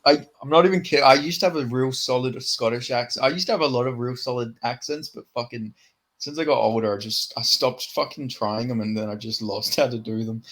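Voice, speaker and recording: A man's voice: mid-range voice, brisk, fairly bright tone. A man co-hosting a casual podcast chat, loose and profane, laughing at his own failed accent impressions. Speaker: podcast co-host.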